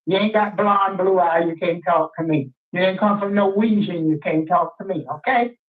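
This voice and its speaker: A brash, sassy older woman, put on by a man in an improvised comedy bit, calling everyone honey and child in a drawl. The voice sits high for a man, and the recording sounds dull and lo-fi. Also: moderate pace, far from the mic, close to an everyday voice. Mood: defiant. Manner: sassy, boastful, calls people honey and child. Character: brash older Southern woman claiming plantation-owner roots. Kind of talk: improvised comic character bit.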